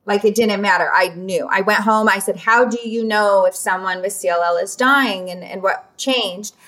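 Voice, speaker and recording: A woman's voice: mid-range voice, moderate pace, fairly bright tone. A woman, candidly telling a personal story in a podcast conversation, using many fillers. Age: 40s. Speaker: podcast guest.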